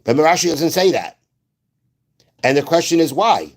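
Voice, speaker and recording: Un hombre da una clase religiosa como rabino y explica los versos con calma, citando textos antiguos y repitiendo frases para aclararlas. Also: male voice, fairly high pitch. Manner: explains slowly, repeats phrases, quotes Hebrew verses. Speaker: rabbi. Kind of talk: Torah class.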